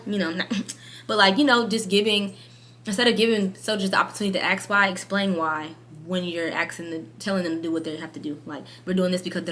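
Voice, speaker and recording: A woman army sergeant talking casually and bluntly to camera, full of slang and rhetorical questions. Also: mid-range voice. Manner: blunt, animated, slangy and frank; asks many rhetorical questions.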